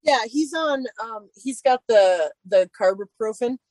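A woman's voice: a little high, lively intonation, measured pace, darkish tone, no room sound. A woman chatting casually and telling a long story about her dogs, full of "like" fillers. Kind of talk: casual chat.

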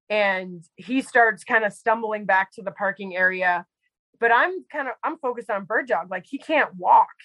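A woman's voice: mid-range voice, a bit bright, no echo, low-quality recording. A woman guest telling a personal story in casual conversation, chatty and full of "like" and fillers. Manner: chatty, heavy use of "like" and fillers. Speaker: podcast guest; medical provider.

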